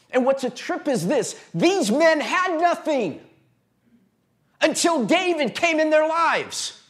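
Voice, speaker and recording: A man preaching a sermon as pastor, impassioned and repetitive, with stammered restarts and sudden drops to a hush. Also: very high-pitched. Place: church.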